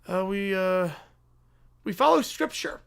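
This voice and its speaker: A man voicing a weary male church protester who answers in a flat, hesitant, dismissive way. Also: sits high, slow, vocal fry, smooth, full character voice.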